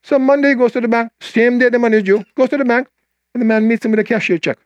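An older man preaching a sermon, telling a story and voicing its people, then slowing down to read scripture. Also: no echo, muffled recording. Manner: animated storyteller, quoting voices with rising pitch, slowing for scripture.

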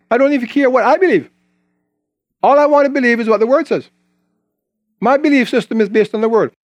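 Man, preacher, high voice, conversational sermon, questions to the congregation, dry recording. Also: no room sound. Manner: conversational, quotes scripture, asks the congregation questions.

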